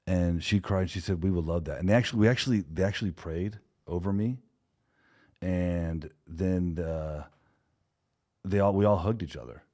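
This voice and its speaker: A man's voice: low-pitched, normal speed, a little mellow. A man who co-owns a security company, telling a story in conversation and acting out the dialogue of the people in it.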